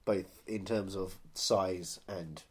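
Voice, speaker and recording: A man's voice: low-pitched, steady tone, slow pace, a little hiss or hum. Joking man riffing on films. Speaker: podcast co-host. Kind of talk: casual film chat.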